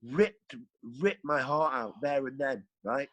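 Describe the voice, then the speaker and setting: Telling his life story as a podcast guest, this man rambles earthily and keeps correcting himself in candid storytelling. He takes his time, with a medium, slightly bright voice and lively intonation, though the recording is rough.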